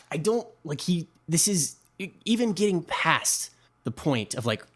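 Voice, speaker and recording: A man's voice: a little high, very animated, pitched above the performer's own voice. A man doing a flustered, pleading dad. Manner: strained, pleading, halting. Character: worried, flustered middle-aged father.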